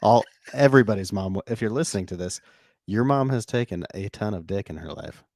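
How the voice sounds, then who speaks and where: A man with a deep voice that swings widely in pitch throws short crude jokes into the banter. He co-hosts a comedy podcast, and the recording is dry and close. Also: lively intonation, a little mellow, no room sound. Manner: quick wisecracking interjections. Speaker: podcast co-host.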